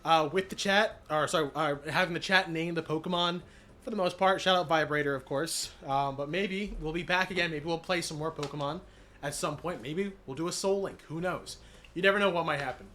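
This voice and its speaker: A man streaming live, recapping his channel's year in a casual, energetic way with many fillers and shout-outs, voice cracking after being sick. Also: fairly high pitch, brisk, slight background noise. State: recovering from illness, voice cracking.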